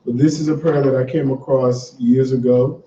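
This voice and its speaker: The dull, roomy recording from a distant mic carries a little hiss or hum. On it, a man with a mid-range voice leads a religious class at a moderate pace. He is relaxed, chatty, and encouraging before reading a prayer to everyone.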